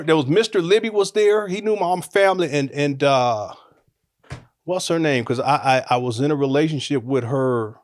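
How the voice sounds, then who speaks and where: This relaxed, off-the-cuff storytelling monologue comes from a man in his forties whose voice runs slightly higher than typical for men. He's frank and jokey, rambling along and cutting himself off to start over.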